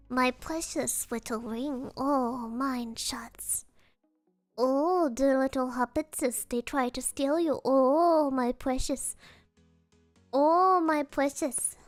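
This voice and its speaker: A woman with German as her first language, voicing a wretched creature, Gollum, who whines, hisses and drags out his words over faint music. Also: high-pitched. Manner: hissing, whining, drawn-out lisping speech.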